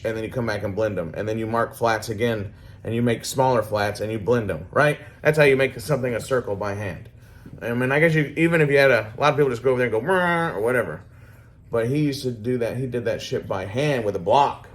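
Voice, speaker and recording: Talking fast in a medium-pitched voice, this hobby swordsmith vlogger gives a workshop project update. He's relaxed and rambling, chatting casually with plenty of profanity.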